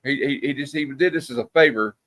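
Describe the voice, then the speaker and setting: A man hosts a casual movie review, telling a story loosely with plenty of fillers and restarts. His medium-pitched voice is a bit bright and fairly quick, recorded dry on a streaming setup.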